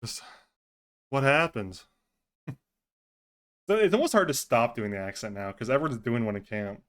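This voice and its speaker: A man's voice: medium pitch, animated, moderate pace. Male streamer, casual chatty delivery, swears freely, mid-range voice. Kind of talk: casual live-stream chat during roleplay.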